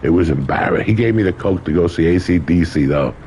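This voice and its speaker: A man's voice: deep voice, fast talker, dark tone, dull audio, slight background noise. An older man telling stories in a casual interview, colorful and profane, acting out other people's lines. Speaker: guest. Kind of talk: casual storytelling.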